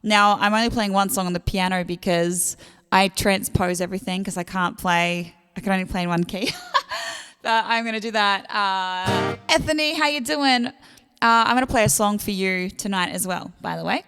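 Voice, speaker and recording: An Australian woman casually chatting to her livestream viewers as the singer hosting the show, warmly thanking tippers by name. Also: medium pitch, normal speed, clean tone. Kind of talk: casual chat to online viewers. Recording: long reverb with instrument music.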